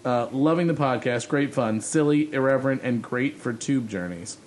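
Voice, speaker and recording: A man's voice: mid-range voice, normal speed, darkish tone, a little hiss or hum. A man co-hosting a podcast, chatting casually and reading a listener's email aloud. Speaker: podcast co-host.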